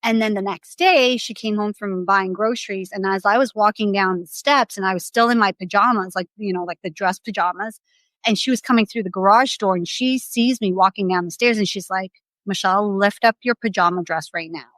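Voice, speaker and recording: A woman's voice: mid-range voice, brisk, fairly bright tone, dry recording. Candid woman with dry close sound. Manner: candid, rambling with many "like"s and restarts. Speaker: podcast guest. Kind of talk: casual interview storytelling.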